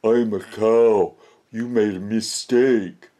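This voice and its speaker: A man's voice: lowish voice, fairly even intonation, slow pace, dark tone. A man doing a patient, weary cow. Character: patient, matter-of-fact female cow.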